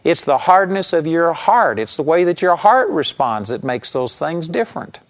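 A middle-aged man preaching, telling a story from his ministry and acting out what he and others said. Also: normal speed. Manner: animated, quotes himself with rising pitch. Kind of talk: sermon storytelling.

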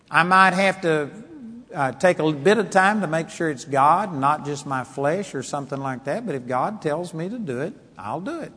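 A man preaching a sermon, telling stories emphatically and swinging from quiet asides to loud declarations. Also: sits high, husky, in a large hall.

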